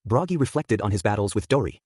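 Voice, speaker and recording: A man narrating a fan fiction story in a steady, even reading voice. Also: fairly low pitch, quick pace, slightly rough, dry recording, clean studio sound.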